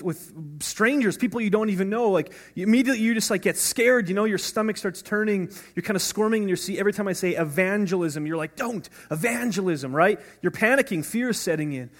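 A man preaching a sermon as pastor in a conversational way, often asking "right?" and restarting his words. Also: high-pitched. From North America.

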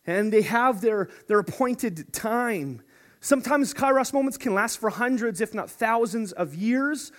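A man preaching a sermon, animated and playful, swinging from hushed asides to excited shouts. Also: high voice, measured pace.

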